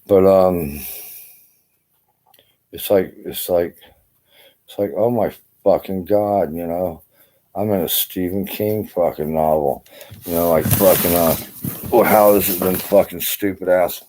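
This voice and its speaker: Tired low-voiced older man rambling. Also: unhurried, long pauses, warm tone. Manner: rambling, profane, full of "you know" fillers. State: exhausted. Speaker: army veteran vlogger. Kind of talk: casual rambling vlog monologue. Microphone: camera.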